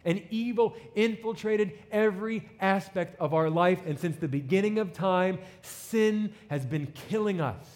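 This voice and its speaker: Man, pastor, sermon, dramatic storytelling, acts out voices, higher-pitched voice, long hall reverb. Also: a little mellow. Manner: dramatic storytelling, acting out voices, swelling to emphatic peaks.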